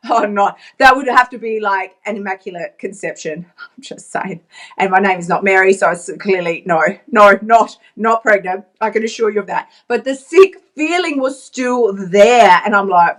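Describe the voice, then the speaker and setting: A woman's voice: mid-range voice, a bit bright. A woman vlogger and life coach giving a chatty, emphatic motivational pep talk to camera, laughing often.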